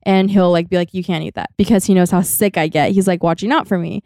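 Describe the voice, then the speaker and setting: A young woman co-hosting a podcast tells a personal story in a casual, chatty way, packed with "like" fillers. Her voice is lowish and darkish, steady and fast, recorded with clean studio sound and no echo.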